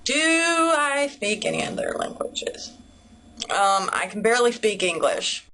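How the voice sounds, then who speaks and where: A woman's voice: fairly high pitch, wildly swooping pitch, measured pace, sharp tone, poor audio. A young woman, chatting casually to camera in a bubbly, rambling way. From United States. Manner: bubbly, rambling, heavy use of "like". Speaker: vlogger.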